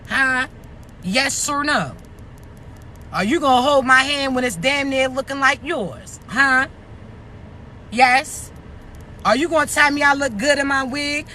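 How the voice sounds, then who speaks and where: This casual rant to camera comes from a woman vlogger in her thirties, who is outdoors near traffic and a little out of breath. Blunt with her followers, she curses and fires rhetorical questions in a high-pitched, bright, forceful voice.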